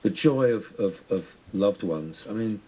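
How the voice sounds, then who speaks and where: A husky man with a low voice speaks as a radio interview guest. He muses in a rambling, reflective way and keeps restarting his sentences. The sound is dull and lo-fi. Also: animated, a little slow. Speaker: musician guest.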